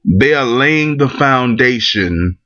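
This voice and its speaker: A man's voice: mid-range voice, expressive, slow, bright, forceful tone. A man ranting in commentary, blunt and profane, restarting his sentences often. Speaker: vlogger. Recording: dull lo-fi recording.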